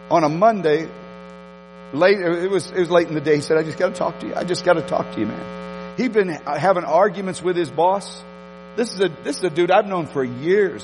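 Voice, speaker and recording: A man preaching a sermon, telling a story with emphatic repetitions and animated delivery. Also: a little high, big-room sound, low-quality recording. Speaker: pastor.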